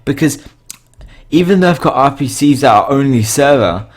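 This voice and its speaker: A man's voice: mid-range voice, lively intonation, normal speed. A man hosting a casual coding tutorial, losing his voice and sounding tired and sick, rambling with frequent fillers and self-corrections.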